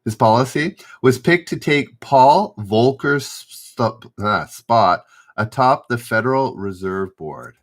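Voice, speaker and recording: A man's voice: medium pitch, animated, takes it slowly. A middle-aged man hosting a live-stream trivia game, reading questions aloud, stumbling and rereading, and chatting with viewers. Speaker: trivia host.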